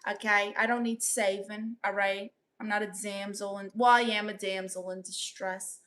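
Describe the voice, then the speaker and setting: A woman from Brooklyn with a Brooklyn accent, hosting a casual livestream, reading viewer comments aloud and answering with sassy, quick comebacks. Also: medium pitch, little pitch movement, fairly bright tone. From Brooklyn, New York. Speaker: livestream host reading chat.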